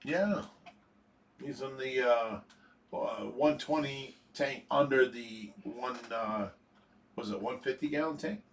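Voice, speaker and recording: A man from the United States reading viewer comments on a casual livestream, laughing easily and halting with many fillers. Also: medium pitch, gravelly, a little hiss or hum. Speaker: livestream co-host reading the chat. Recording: voice a bit distant from the mic.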